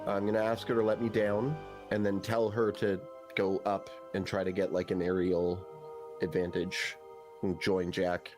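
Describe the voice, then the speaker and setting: A man's voice: deep voice, flat delivery, moderate pace, over music. A man playing a tabletop game, plainly stating what his character does. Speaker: player. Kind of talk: casual tabletop play.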